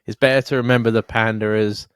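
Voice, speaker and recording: A man's voice: fairly low pitch, flat delivery, quick pace, a crowd in the background. A young man co-hosting a podcast, ranting and joking with plenty of swearing. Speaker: podcast co-host. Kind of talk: casual chat.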